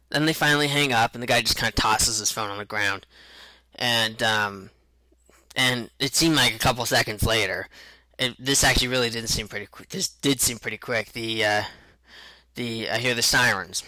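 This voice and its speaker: Young man, unscripted personal story, bright tense voice, dry close sound. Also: mid-range voice, no room sound, poor audio. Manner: rambling, halting, with restarts. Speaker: vlogger recounting a truck accident.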